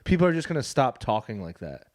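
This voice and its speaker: A man's voice: medium pitch, very animated, quick pace, a little mellow, dry recording. A man co-hosting a podcast in casual banter, asking questions in a dry way. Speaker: podcast co-host.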